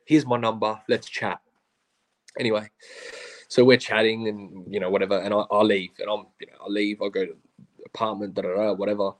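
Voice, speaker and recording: A man's voice: fairly low pitch, brisk. A man with an Australian accent, a podcast guest telling stories in casual, slangy chat and acting out what others said. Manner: animated, slangy, acts out quotes of others. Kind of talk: casual storytelling.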